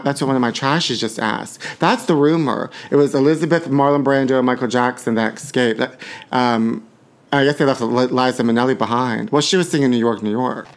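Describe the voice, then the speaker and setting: A man in middle age hosts a podcast alone, rattling off celebrity gossip in a campy, sassy tone. He keeps calling his listeners honey, and his voice sits at an ordinary middle pitch. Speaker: podcast host.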